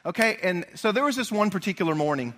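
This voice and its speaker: A male pastor delivers his sermon with a high, ringing voice. He tells stories with plenty of animation and talks straight to his congregation. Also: expressive, quick pace, a bit bright, a little hiss or hum.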